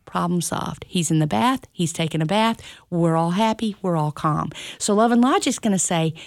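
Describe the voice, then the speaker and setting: A woman in her fifties, a grandmother, telling family stories in a lively, chatty way as an interview guest. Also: fairly low pitch, moderate pace, no echo, studio quality. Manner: animated, acts out family dialogue in lively voices; self-described sarcastic, chatty. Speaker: parenting workshop guest. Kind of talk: storytelling interview chat.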